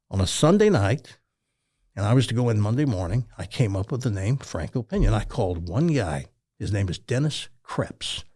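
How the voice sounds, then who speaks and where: An older man from Tennessee, a former radio host telling stories in an interview and acting out the dialogue. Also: on the low side. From Tennessee, USA. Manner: animated storyteller who acts out quoted dialogue. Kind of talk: storytelling in a casual interview.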